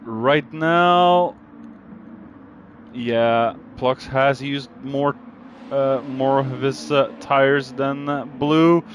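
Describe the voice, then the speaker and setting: A man giving live commentary on a sim racing league, calling overtakes and getting excited, even shouting warnings at drivers. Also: mid-range voice, extremely slow, a little hiss or hum.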